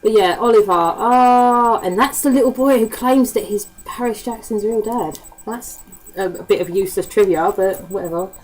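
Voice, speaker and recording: A woman with a Cockney accent talks casually to camera in an easygoing, rambling way. She swears freely and fills her talk with ums and little asides. Her voice sits in a middle pitch. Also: normal speed, rough recording. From East End of London. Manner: chatty and swears freely, with frequent laughs and fillers. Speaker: vlogger. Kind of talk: casual chat.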